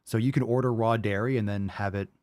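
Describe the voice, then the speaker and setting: Taking listener calls on his live podcast, a man with a lowish, slightly mellow voice talks at a quick pace in a steady tone, with no room sound at all. His answers wander loosely, he curses freely, and fillers like "like" and "you know" crop up constantly.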